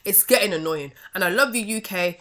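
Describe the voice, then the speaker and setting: Bright-voiced woman ranting about wrestling. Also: medium pitch, a little fast. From United Kingdom. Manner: heated, ranting, scolding. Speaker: wrestling commentary vlogger. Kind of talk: casual ranting review.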